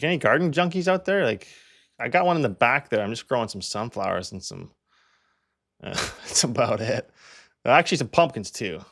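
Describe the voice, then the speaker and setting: Chatty gravelly-voiced man touring listings. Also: mid-range voice, a bit bright. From Canada. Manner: chatty, thinks aloud, frequent fillers. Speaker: real estate agent. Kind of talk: casual listing walkthrough.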